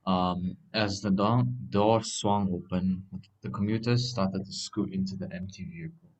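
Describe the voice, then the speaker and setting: Deep-voiced male student reading aloud. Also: flat delivery, a little mellow, muffled recording. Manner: halting reading with restarts.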